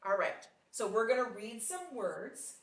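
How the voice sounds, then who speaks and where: Woman, phonics tutor, encouraging and deliberate; reverberant, distant recording. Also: on the high side, sing-song. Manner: patient, encouraging, with frequent praise; slow, deliberate sounding out of words. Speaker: phonics teacher. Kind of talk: one-on-one phonics lesson. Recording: roomy sound from off mic.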